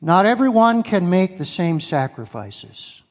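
A man's voice: sits high, very animated, unhurried. A male pastor preaching a sermon, emphatic, repeating key phrases and asking his congregation questions. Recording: long hall reverb.

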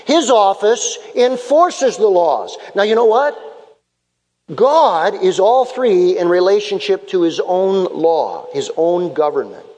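Male pastor, high voice, slow deliberate sermon delivery, repeats lines for emphasis, long hall reverb. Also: expressive, a little mellow. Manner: preaching with repeated emphatic phrases and acted-out dialogue.

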